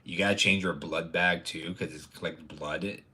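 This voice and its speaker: A man's voice: deep voice, steady tone, moderate pace, pushed and bright. A young man chatting casually on a livestream. He rambles, stammers through restarts and laughs often. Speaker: streamer.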